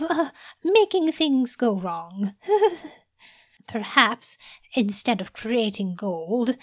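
A woman's voice: breathy edge, exaggerated voice. A woman voicing a bumbling, nervous male alchemist who stammers and giggles. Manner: stammering, giggly, high and anxious.

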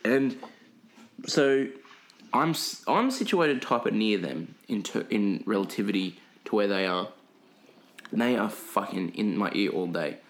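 A man's voice: on the low side, expressive, unhurried. Aussie young bloke on a podcast, swears a lot, acts out other people's voices in his story. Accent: Australian. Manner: profane storytelling with mimicked voices. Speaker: podcast co-host. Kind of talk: casual chat.

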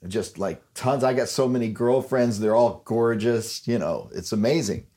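A man's voice: mid-range voice, normal speed, mellow. A man hosting a casual podcast, rambling and self-deprecating, laughing at his own jokes. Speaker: podcast host, musician. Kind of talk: casual chat.

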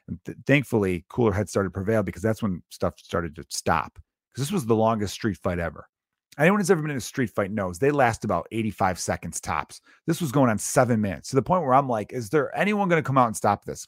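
Low-voiced man telling a rowdy story. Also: no echo, clean studio sound. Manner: animated, profane, swings between loud and low. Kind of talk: casual storytelling.

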